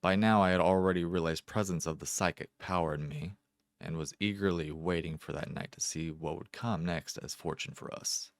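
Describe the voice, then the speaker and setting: A man narrates a first-person short story in a very deep voice. He reads at a measured, deliberate pace with careful pauses, recorded close and dry. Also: fairly even intonation, no echo. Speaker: amateur narrator.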